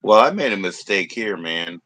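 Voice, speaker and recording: A man's voice: fairly low pitch, animated, moderate pace, pushed and bright, no room sound. A man chatting loosely on his live stream, rambling and swearing as he talks to his viewers and fights technical trouble. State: coughing at times. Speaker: livestreamer. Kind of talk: casual live stream chat.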